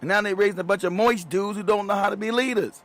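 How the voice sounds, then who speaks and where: A show host delivers a casual, emphatic monologue loaded with profanity, often laughing mid-sentence. His voice is high and a bit bright, and he talks quickly.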